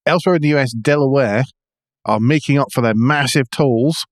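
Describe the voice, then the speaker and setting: A man's voice: mid-range voice, brisk, no echo, clean studio sound. A man hosting a car news podcast, joking and teasing his co-host. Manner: teasing, jokey. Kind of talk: casual chat about car news.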